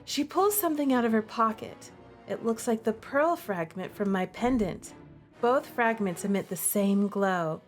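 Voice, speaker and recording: Excitable young woman streaming a game. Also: unhurried, faint music behind. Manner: excitable and gushing, with big pitch jumps. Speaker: streamer playing a dating sim. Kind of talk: let's-play commentary and reading game text aloud.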